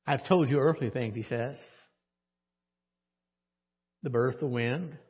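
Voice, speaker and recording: A man's voice: medium pitch, slow pace, breathy edge, highs cut off. A man preaching a teaching sermon, posing questions to the congregation and answering them himself. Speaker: pastor.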